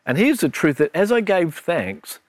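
A man's voice: on the high side, sing-song, normal speed, no room sound. A middle-aged man, a minister, in an earnest and reflective Bible discussion with his daughter, telling stories as he goes.

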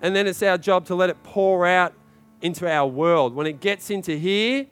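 A man with a high, bright-toned voice preaching a sermon in church, pressing his listeners with repeated calls and rising to shouted climaxes. Soft instrumental music plays faintly underneath. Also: moderate pace, smooth. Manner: urgent, repetitive exhortation with rising shouted climaxes.

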